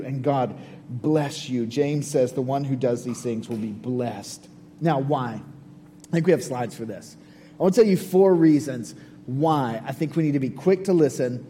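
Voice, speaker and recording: A man's voice: fairly high pitch, mellow. A man giving a sermon as a pastor, earnest and conversational, with repeated phrases. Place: church sanctuary. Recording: long hall reverb, faint hum.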